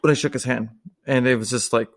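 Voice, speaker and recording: A man's voice: medium pitch, fairly even intonation, fast. A man, hosting a casual chat, rambling and swearing freely as he tells stories. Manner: profane, rambling storyteller.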